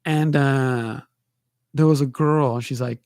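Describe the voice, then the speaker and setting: A man hosting his own podcast, telling rambling self-deprecating stories alone, with halting restarts. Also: medium pitch, fairly even intonation, darkish tone, dry recording, clean studio sound. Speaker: podcast host. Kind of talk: rambling solo monologue. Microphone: livestream mic.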